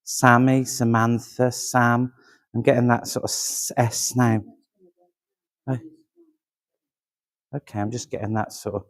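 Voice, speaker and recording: A man's voice: medium pitch, level tone, measured pace, pauses often, no echo. Man, medium at a service, friendly and chatty, laughs often, dry close sound. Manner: chatty, keeps asking "do you understand", laughs easily.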